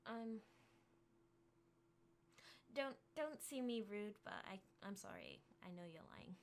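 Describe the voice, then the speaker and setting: Woman voicing a kind soft-spoken tea maker, slow, stammering, faint hiss. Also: mid-range voice, animated, gravelly. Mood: gentle. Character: gentle kindly woman offering tea.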